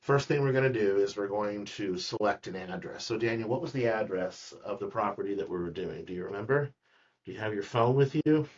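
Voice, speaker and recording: A man's voice: lowish voice, a little fast, slightly rough. A man, a real estate agent, walks a colleague through a screen-recorded tutorial in a chatty, joking way, repeating words as he goes. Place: office room with a colleague. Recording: dull, distant screen-recording audio.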